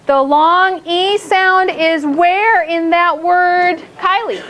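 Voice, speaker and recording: A woman with an extremely high, fairly bright voice teaches a phonics lesson to a small group of children. She is upbeat and encouraging, stretching words out slowly to model them.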